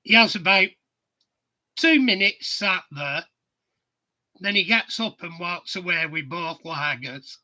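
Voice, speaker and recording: A man's voice: sits high, slow, long pauses, bright, forceful tone. A middle-aged man, hosting a casual chat stream and telling anecdotes that he laughs at. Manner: chatty storyteller, laughs at his own anecdotes. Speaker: livestream host.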